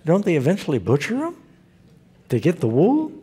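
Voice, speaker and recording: A man's voice: a little high, huge pitch swings, normal speed, warm tone, breathy edge. A male pastor who preaches a sermon in a folksy, storytelling way.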